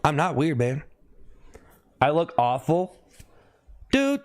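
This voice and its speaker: A man talking casually on a live stream, thanking viewers by name and asking if he looks upset, with sudden high whoops. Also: big pitch swings, slow. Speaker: livestreamer.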